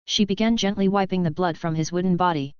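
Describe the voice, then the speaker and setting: A woman reading a novel aloud as narrator, telling the story in an even, unhurried way. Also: fairly low pitch, smooth, dry recording. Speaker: audiobook narrator. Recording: dull, lo-fi dry recording.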